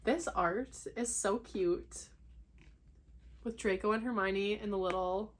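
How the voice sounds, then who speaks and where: A young woman vlogging as she unboxes books, gushing and excitable, at times dropping to a hushed whisper. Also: mid-range voice, takes it slowly, slight background noise. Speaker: book vlogger. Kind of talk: casual unboxing vlog.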